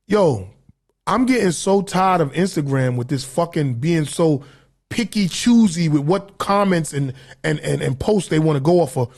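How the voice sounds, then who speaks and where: High-voiced profane man ranting as a podcast host. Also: expressive, moderate pace, darkish tone. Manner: profane, heated, rambling. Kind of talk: casual livestream rant.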